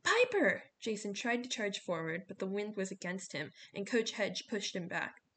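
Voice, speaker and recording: A woman narrating a novel as an audiobook in a steady storytelling manner. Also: mid-range voice, normal speed, slight background noise.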